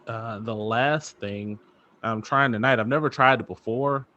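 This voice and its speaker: A man's voice: mid-range voice, measured pace, bright, forceful tone, lo-fi sound. A man co-hosting a podcast, talking in a laid-back, rambling way with lots of fillers, recorded outdoors on a back patio at night. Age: young adult to middle-aged father. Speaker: podcast co-host. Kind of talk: casual chat.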